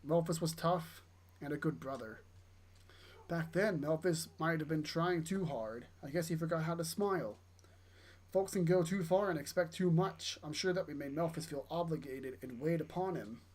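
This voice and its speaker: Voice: medium pitch, normal speed, darkish tone, close to an everyday voice. A player reading aloud for a kindly, nostalgic old village grandmother. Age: older.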